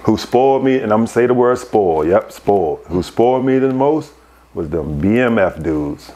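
A man, a podcast guest, telling casual stories, animated and laughing as he acts out other people's voices. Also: on the low side, normal speed. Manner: animated, laughs through his anecdotes. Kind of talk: casual storytelling.

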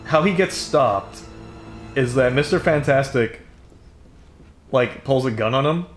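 A man's voice: mid-range voice, a little slow, echoey room, faint music behind. A man co-hosting a gaming podcast, chatting casually and laughing while he plays. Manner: giggly, rambling, playful voices for quoted characters. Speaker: podcast co-host playing the game.

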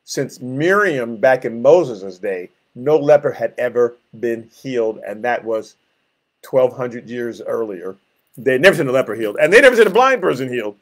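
A pastor leads a Bible study, putting verses into plain words and acting out scenes with growls and groans. His male voice is medium in pitch, animated, and moderately paced.

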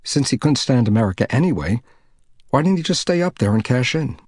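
A man's voice: mid-range voice, sing-song, a little fast, darkish tone, breathy edge, dry recording, clean studio sound. A man voicing an overbearing, bullying middle-aged uncle with a scornful manner.

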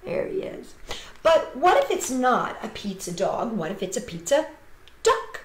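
A woman who entertains children reads a picture book aloud in an animated, sing-song manner, making playful animal noises. Her voice is a little high and unhurried, and the recording is reverberant with slight hiss or hum.

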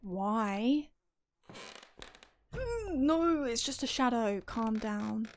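Woman streamer, horror playthrough; animated, unhurried, yelps at scares. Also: a little high, a little hiss or hum. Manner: jumpy, talks to herself, swears and screams at scares. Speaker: gaming streamer. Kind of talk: horror game playthrough commentary.

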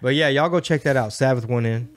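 A man's voice: mid-range voice, quick pace. A man hosting a podcast, talking in a laid-back, slangy way and riffing in rhythm. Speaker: podcast host. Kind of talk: casual chat.

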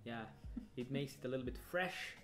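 A young man chats casually as co-host. He offers invented explanations in a dry, deadpan way, teasing his partner with mock-serious reasoning. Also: medium pitch, moderate pace. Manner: jokey, deadpan made-up explanations. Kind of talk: casual chat. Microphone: handheld recorder.

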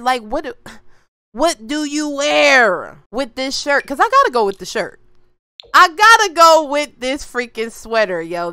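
Lively, slangy young woman gaming. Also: high voice, clear, resonant tone, no room sound, studio quality. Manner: animated, slangy, talks to viewers while choosing outfits. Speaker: gaming YouTuber. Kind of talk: casual gameplay commentary.

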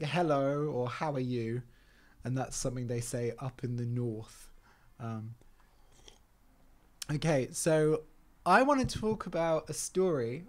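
A man hosting a relaxed live stream for English learners, chatty and rambling, often stopping to explain words simply, with easy laughs and frequent ums. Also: medium pitch. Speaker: English teacher and podcast host.

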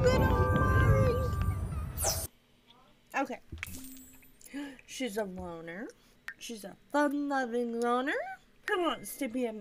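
A woman's voice: on the high side, heavy background noise. A woman narrating her life-sim gameplay in an effusive, doting way with lots of exclamations. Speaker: gaming vlogger. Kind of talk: game commentary. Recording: music playing behind.

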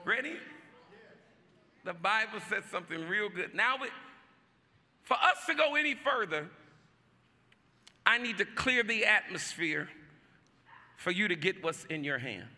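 A male pastor preaching a sermon, urging the congregation to respond out loud and shouting his exhortations. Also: high voice, animated, unhurried, long pauses, long reverb tail. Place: church sanctuary.

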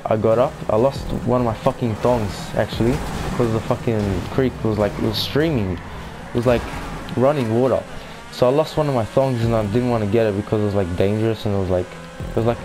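A man's voice: fairly low pitch, noisy background. A young man telling a rambling, casual storytime for his gaming channel, full of fillers and swearing.

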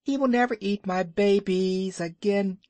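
A man voicing an excitable, boastful little male tailorbird in a high sing-song voice. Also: a little slow, no echo. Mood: triumphant.

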